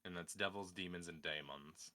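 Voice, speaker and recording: A man in casual chat, telling a tabletop game story in an animated way, laughing along. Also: low-pitched, moderate pace, very noisy. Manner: animated storyteller, acts out quotes, laughs a lot.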